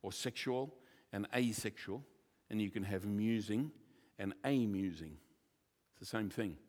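A man who is a church pastor, preaching a sermon with jokes and lively asides. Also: on the low side, a little slow. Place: church hall. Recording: reverberant church hall.

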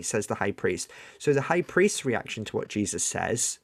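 A man's voice: fairly low pitch, big pitch swings, moderate pace, gravelly. A man talking casually and earnestly, thinking aloud as he explains a point to an interviewer. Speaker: guest discussing scripture.

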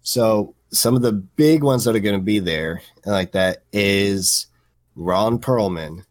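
A man's voice: lowish voice, slow, no room sound. A young married man co-hosting a podcast, rambling with lots of fillers and blunt swearing. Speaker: podcast co-host. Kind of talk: casual podcast chat.

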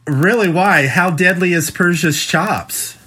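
A man's voice: high-pitched, slow, sharp tone, slight background noise. A man hosting a podcast, asking casual questions with lots of "um" and "uh". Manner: hesitant, full of "um" and "uh". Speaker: podcast host, interviewer.

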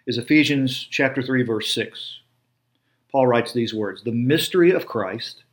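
A middle-aged man, a pastor giving sermon-style podcast teaching with an emphatic preaching cadence, slowing down on stressed words. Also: mid-range voice, a bit bright.

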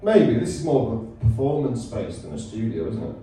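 A man's voice: medium pitch, big pitch swings, fairly quick, dark tone. Guy cohosting, dry teasing banter, far off mic, super echoey, noisy. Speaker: podcast co-host. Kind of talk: live comedic podcast chat. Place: performance space with live audience.

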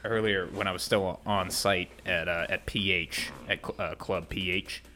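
Brief: young male co-host, very low, bright, rambling laid-back storyteller. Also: fairly even intonation, normal speed, a little hiss or hum. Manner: rambling storyteller, frequent ums and laughs. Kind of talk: casual chat.

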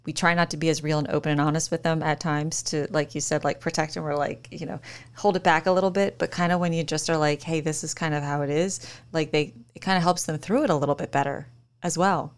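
A woman hosting an interview, asking gently and affirming her guest. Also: low voice, steady tone, quick pace, clean tone. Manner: supportive, affirming, asks gently. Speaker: interview host. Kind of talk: conversational interview.

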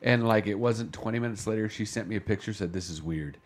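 A man's voice: lowish voice, fast. A man co-hosting a morning radio show, telling stories in casual chat and searching for words as he goes. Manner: rambling storyteller, searches for words.

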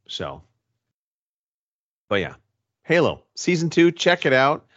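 A man's voice: a little high, wildly swooping pitch, takes it slowly, fairly bright tone, lo-fi sound. A man co-hosting a casual podcast chat, rambling with many restarts and the odd swear word. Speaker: podcast co-host.

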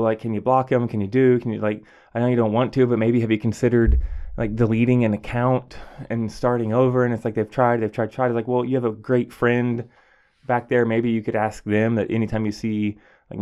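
A man's voice: fairly low pitch, darkish tone. A man, a teacher, talking earnestly and from the heart about his classroom, with many fillers and restarts. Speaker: podcast host. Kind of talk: reflective personal monologue.

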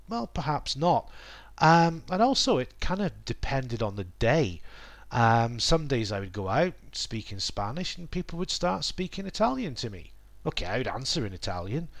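A middle-aged man hosting a language podcast, talking through a lesson in a thoughtful, self-correcting way with many pauses and asides. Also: mid-range voice. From England. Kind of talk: reflective spoken lesson.

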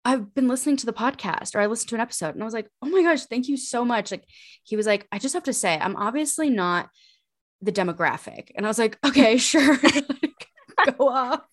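A woman's voice: fairly high pitch, expressive, fairly quick. A young woman in her twenties co-hosting a podcast, telling a rambling story full of fillers and laughs. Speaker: podcast co-host. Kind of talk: casual chat.

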